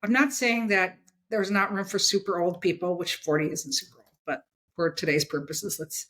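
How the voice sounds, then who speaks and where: A woman in her sixties, a guest in an interview, talking in an animated, emphatic way and checking her points with "okay?". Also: on the low side, normal speed. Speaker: guest, comics editor. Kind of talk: casual interview chat.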